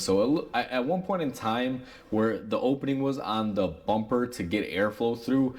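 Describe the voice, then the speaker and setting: A man talks through a story from the repair shop in a loose, conversational way. His voice sits a bit low, and he keeps dropping in fillers and little asides to the viewers as he goes. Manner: rambling, filler-heavy, addresses viewers as "guys". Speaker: auto mechanic sharing shop stories. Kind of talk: casual storytelling to camera.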